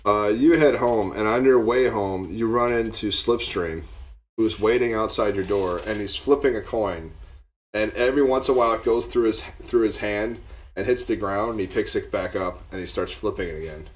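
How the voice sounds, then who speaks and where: A man running a tabletop game, narrating scenes in a casual, joking way. His voice is fairly low. He tosses in quick asides between the story beats. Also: a little hiss or hum. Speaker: game master.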